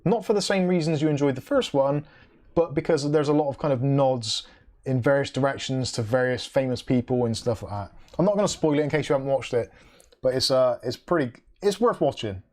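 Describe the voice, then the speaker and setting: A man hosts a casual livestream in a mid-range, slightly mellow voice at a fairly quick pace. Chatty by nature, he reads comments aloud, reacts with dry asides, and hums "da da da" between messages.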